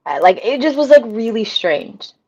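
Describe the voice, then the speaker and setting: A woman's voice: fairly high pitch, very animated, a little mellow, highs cut off. A woman hosting a casual live stream, reading viewer comments aloud and giving relationship advice with frequent laughter. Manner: laughs often, drawn-out reactions, many ums. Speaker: livestream host.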